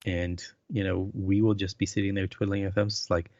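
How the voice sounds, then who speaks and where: Podcast co-host, man, very low and gravelly, stammering and easygoing, dull dry recording. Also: flat delivery, moderate pace, a little mellow, no echo. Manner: rambling, stammers and restarts, agreeable. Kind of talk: casual conversation.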